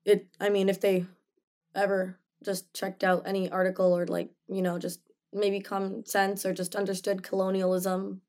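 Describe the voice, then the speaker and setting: A young woman, an actress guest, speaks passionately and emphatically in an interview, though her medium-pitched voice is monotone and a little mellow at a moderate pace. She leans heavily on "like" and "you know."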